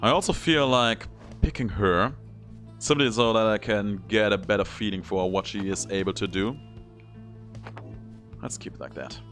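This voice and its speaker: Low-voiced man commenting on gameplay. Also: moderate pace, long pauses, fairly bright tone, soft background music. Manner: thinking aloud while choosing moves. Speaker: gameplay video host. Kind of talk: casual game commentary.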